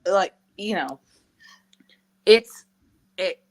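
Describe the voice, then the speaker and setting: A middle-aged woman hosting a casual chat, talking in halting, chatty bursts. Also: mid-range voice, lively intonation. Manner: halting, chatty, quotes characters in asides. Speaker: podcast host.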